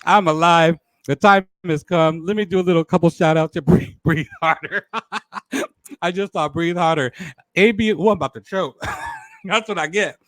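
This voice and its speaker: A man's voice: on the high side, moderate pace, a bit bright, dry recording. A man hosting a live stream talk show, playful and laughing often as he greets viewers by name. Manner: playful, laughs often, says y'all a lot. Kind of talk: live stream chat with shout-outs.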